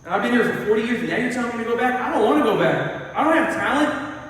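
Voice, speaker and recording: A man's voice: extremely high pitch, lively intonation, a bit bright. A man voicing Moses as a scared grown man pleading that he doesn't want to go back. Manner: anxious, protesting, fast outpouring. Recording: echoey hall, mic far off.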